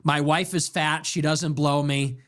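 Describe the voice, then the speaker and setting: A man's voice: fairly high pitch, fairly even intonation, a little slow, a bit bright, pitched below the performer's own voice. A man mockingly voicing a miserable, put-upon married man who drones through his complaints. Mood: gloomy. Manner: droning, self-pitying list of complaints.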